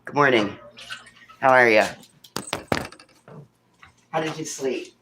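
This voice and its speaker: A man's voice: medium pitch, slow, noisy background. A man vlogging a casual morning chat at a farm house, talking bluntly to his animals and swearing freely.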